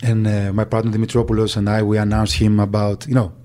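Greek-accented man, low voice, halting interview recollection. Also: completely flat delivery, mellow. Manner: halting, many fillers and restarts. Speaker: agent.

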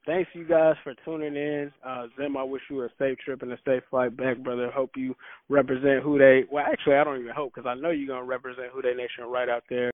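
A man's voice: medium pitch, flat delivery, fast, dry recording. A man co-hosting a podcast, giving blunt, matter-of-fact football predictions. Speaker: podcast co-host. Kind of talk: casual sports talk. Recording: dry phone-like sound.

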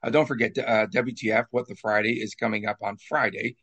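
A man's voice: fairly low pitch, steady tone, fairly quick, a bit bright, breathy edge. A man co-hosting a sports podcast, rambling and joking through casual chat and the show's sign-off. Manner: rambling, jokey sign-off banter. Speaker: podcast co-host.

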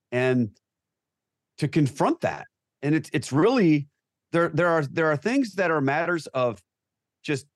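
A man's voice: mid-range voice, no echo, clean studio sound. A man, a guest on a talk show, speaking earnestly and emphatically about his faith. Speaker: guest, Catholic convert.

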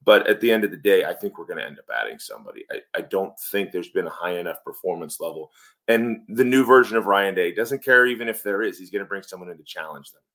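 A middle-aged man co-hosting a sports podcast, thinking aloud in a measured way with fillers. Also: sits low, expressive, pushed and bright. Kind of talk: casual sports talk.

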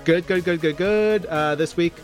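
A man hosting a podcast in casual chat, relaxed and chatty with plenty of fillers. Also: a little high, moderate pace, soft background music. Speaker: podcast host.

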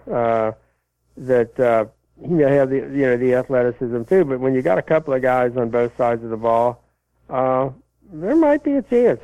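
A man casually answering listener questions about college football, rambling and halting with many fillers and restarts. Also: medium pitch, dry recording. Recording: tinny phone line, dry.

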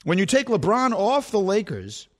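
A male sports talk host who debates award votes in a lively, emphatic way. He often breaks off and restarts his sentences, then pushes hard on his point. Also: high voice, normal speed. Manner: animated, emphatic, self-correcting.

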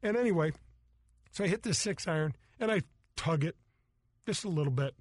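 A middle-aged man tells golf stories on a radio show, animated and full of laughs. His voice sits a little high for a man, and the sound is dry and close. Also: fairly quick, breathy edge, dry recording. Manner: animated storyteller, acts out voices, laughs often. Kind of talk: casual storytelling chat.

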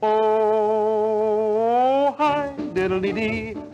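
A man singing as a jaunty cartoon fox in an old animated film song, bouncy and theatrical, with loud orchestral music under the voice. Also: high-pitched, very slow, highs cut off.

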